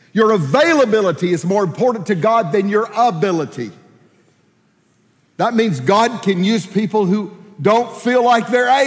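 Male pastor, high and lively voice, preaching in a hall with long reverb. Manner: animated, acts out prayers in playful voices. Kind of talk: sermon.

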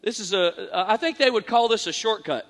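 A male pastor delivers a sermon in a strikingly high voice. He is earnest and pokes fun at himself, hammering phrases through repetition and moving from hushed to loud. His words ring out with the long reverb of a large church hall. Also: normal speed. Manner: earnest and self-deprecating, repeats phrases for emphasis, swings from quiet to loud.

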